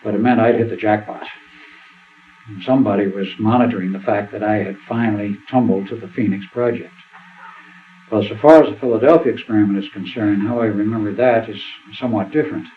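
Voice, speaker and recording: Older male seminar speaker, low-ish voice, anecdotal and rambling, tinny phone-like audio. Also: fairly even intonation, brisk. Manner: rambling anecdotal storytelling, acts out quotes. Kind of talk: storytelling talk at a seminar. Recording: tinny phone-like sound with faint hiss.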